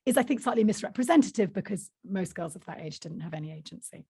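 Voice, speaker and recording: A woman author being interviewed, telling lively anecdotes and acting out the voices of the people in them. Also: medium pitch, fast talker, slightly rough, dry recording, clean studio sound. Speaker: author and guest. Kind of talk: interview storytelling.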